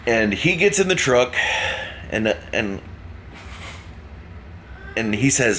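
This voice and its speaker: A man's voice: mid-range voice, very animated, slow pace, long pauses, a bit bright, a little hiss or hum. A man casually telling a rambling, joking story to camera. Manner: rambling, joking, laughs at himself. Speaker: vlogger.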